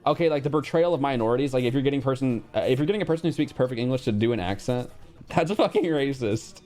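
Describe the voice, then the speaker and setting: A man chatting casually on a livestream, blunt and profane, quick to react. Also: mid-range voice, lively intonation, darkish tone, faint music behind. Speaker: streamer.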